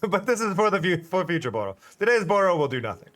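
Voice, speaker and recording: A man voicing a calm, idle shopkeeper with a deadpan, stiffly formal delivery. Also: sits high, fast.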